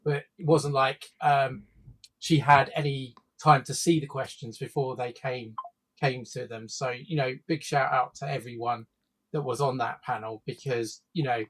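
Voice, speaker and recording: A man's voice: medium pitch, steady tone, measured pace, fairly bright tone, low-quality recording. Man, stream co-host, casual rambling chat full of fillers and restarts.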